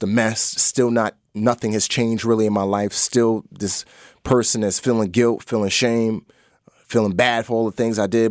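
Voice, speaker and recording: A man speaking as a podcast guest, recounting his life in an earnest, confessional way. His voice sits on the low side and sinks softer at the heavy moments. The sound is close and dry. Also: no room sound. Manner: earnest storytelling, voice drops low and soft at emotional moments. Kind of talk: personal testimony in a podcast interview.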